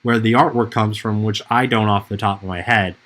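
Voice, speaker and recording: A man's voice: lowish voice, fairly even intonation, fairly quick, a bit bright. A man hosting a casual podcast chat, rambling and hesitant with many fillers. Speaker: podcast host.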